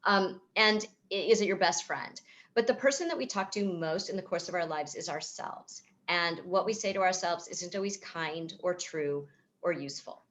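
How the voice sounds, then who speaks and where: A woman's voice: lowish voice, normal speed, fairly bright tone. A woman psychotherapist speaking at a virtual event over a video call, answering questions in a thoughtful, explanatory way with frequent fillers and restarts. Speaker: psychotherapist and author.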